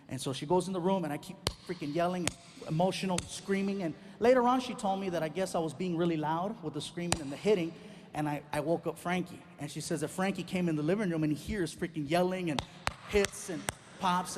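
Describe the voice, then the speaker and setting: A male stand-up comedian tells a long personal story and acts out each exchange. His voice sits notably high for a man. There is faint noise in the background. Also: brisk. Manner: animated, acts out every exchange.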